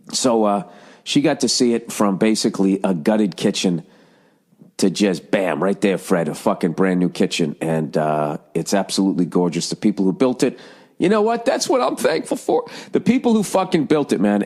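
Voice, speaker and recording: A middle-aged man hosting a podcast, rambling casually with lots of swearing and sarcastic rants. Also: a little mellow. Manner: profane, ranting, sarcastic, jumps into high mocking voices. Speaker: podcast host.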